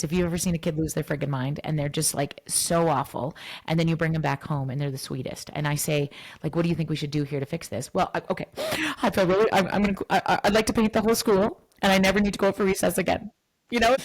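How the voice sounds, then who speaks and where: Woman, psychologist guest; animated, low and gravelly. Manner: animated, acts out dialogues, switches to soft whispers. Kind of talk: podcast interview.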